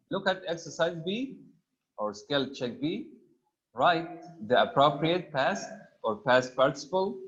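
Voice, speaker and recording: A man's voice: medium pitch, fairly bright tone. A man teaches grammar to students on an online call. He asks question after question and patiently repeats each answer back to them. The sound is slightly dull and lo-fi. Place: remote video call.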